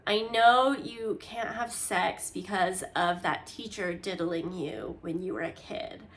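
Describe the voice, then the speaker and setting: A woman voicing a blunt older sister who speaks in a low, confiding, insistent way in a retold story. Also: takes it slowly.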